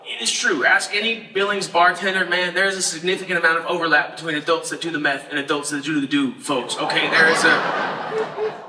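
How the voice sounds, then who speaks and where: A man's voice: fairly high pitch, animated, brisk. A young man performing a stand-up comedy set, telling punchy sarcastic stories and working the crowd. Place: comedy festival stage before a live audience. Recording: echoey live room, mic far off, noisy.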